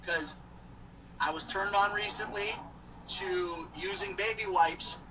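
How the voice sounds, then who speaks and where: A man's voice: high voice, steady tone, slow pace, distant mic, noisy background. A man chatting casually on a live stream while he drives, joking and rambling to his viewers. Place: in a car. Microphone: phone.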